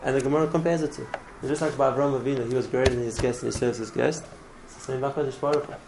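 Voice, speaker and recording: A man's voice: mid-range voice, fairly even intonation, very fast, noisy background. A man teaching a religious class in an earnest way, often repeating words and restarting his phrases. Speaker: Torah teacher.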